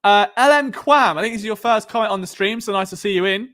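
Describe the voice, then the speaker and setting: A young man with a southern English accent hosts a casual live stream, chatting through his thoughts at length. He rambles, often stops to restart sentences, and leans on fillers, and his voice sits a little high for a man. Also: fast talker, a bit bright. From England. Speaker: podcast host.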